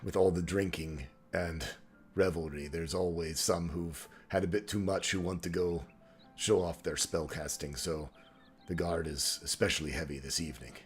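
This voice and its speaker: A man voicing a gruff old male dwarf with a put-on dwarven accent in a tabletop game. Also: sits low, fairly even intonation, moderate pace, faint music behind, close to an everyday voice. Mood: warning.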